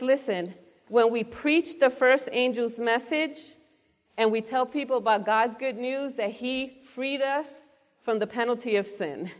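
A woman delivers a sermon in a fairly high voice. She speaks with earnest conviction and keeps turning to the congregation with questions. Her voice rings out into a hall with a long, lingering reverb. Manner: earnest, asks the audience questions. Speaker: preacher.

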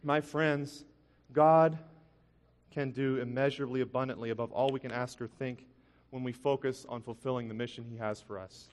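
A man's voice: mid-range voice, fairly even intonation, normal speed. A man preaching a sermon, telling a personal story earnestly, with frequent restarts. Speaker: pastor. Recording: long hall reverb.

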